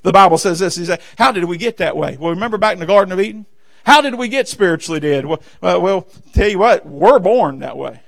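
A man preaching a sermon from the pulpit of a church, fervent and emphatic, swinging between loud declarations and hushed asides, repeatedly calling out "amen" and "listen.". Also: high voice, lively intonation, quick pace, gravelly. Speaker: pastor. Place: church sanctuary.

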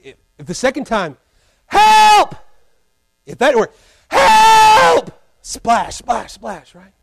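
A man preaching a sermon from a church pulpit, animated and repeating phrases for emphasis. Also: high-pitched, dry recording.

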